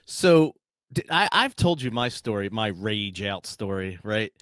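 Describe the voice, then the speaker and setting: A man's voice: fairly low pitch, a little slow, no echo, studio quality. A man co-hosting a casual podcast chat, telling a story with a lot of swearing and breaking into laughter often. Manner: laughing, profane, lively storytelling. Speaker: podcast co-host.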